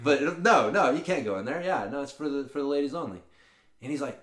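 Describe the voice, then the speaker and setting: A man co-hosting a podcast, telling stories in a casual, profane, animated way. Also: mid-range voice, brisk. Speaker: podcast co-host. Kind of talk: casual chat, storytelling. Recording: roomy echo.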